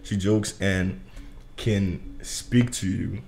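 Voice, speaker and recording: Young guy on a podcast, kinda low voice, thinks out loud and laughs a lot, trails off a bunch. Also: steady tone, slow pace, gravelly, a little hiss or hum. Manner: thoughtful, laughs often, trails off mid-sentence. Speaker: podcast guest. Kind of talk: casual chat.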